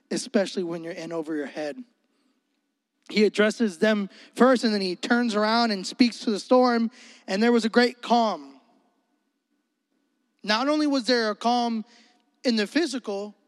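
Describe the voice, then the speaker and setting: A man preaching a sermon in a lively, comedic way, acting out the scenes in his stories as he goes. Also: high voice, no room sound. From Florida.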